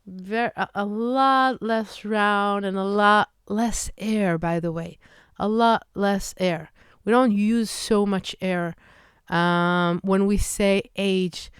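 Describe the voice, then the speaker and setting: Slow, clear-voiced Israeli woman teacher. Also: medium pitch, no room sound, studio quality. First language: Hebrew. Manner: slow, demonstrative, drawn-out vowel drills. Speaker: Hebrew teacher. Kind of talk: pronunciation lesson.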